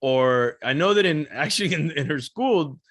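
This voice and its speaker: A man co-hosting a casual podcast, telling animated stories with frequent laughs and casual swearing. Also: fairly high pitch, moderate pace. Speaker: podcast co-host. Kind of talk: casual chat.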